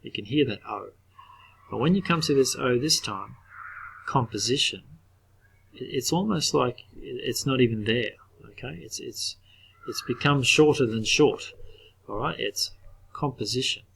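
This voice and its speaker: A middle-aged male teacher giving a recorded spelling lesson to children, patient, repeating each word slowly and clearly. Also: mid-range voice, fairly bright tone, low-quality recording.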